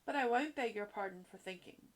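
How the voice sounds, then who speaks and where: A woman's voice: medium pitch, fairly quick, lightly acted. A woman doing a proud, polite young girl. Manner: calm, grand and polite.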